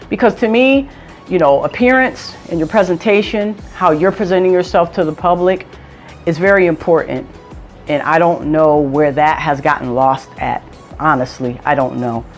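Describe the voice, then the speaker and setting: Low-voiced woman giving emphatic advice. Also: darkish tone. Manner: emphatic, repeats points for stress. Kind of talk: casual advice talk.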